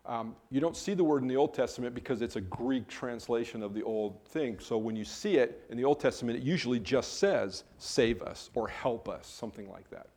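Male pastor, conversational sermon, mid-pitched voice, casual self-corrections. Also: expressive, fairly quick, few pauses, a little mellow.

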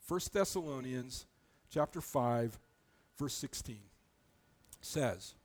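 A man's voice: mid-range voice, lively intonation, slow. A man preaching a sermon as pastor, in a conversational, plain-spoken way, often restarting his phrases as he explains.

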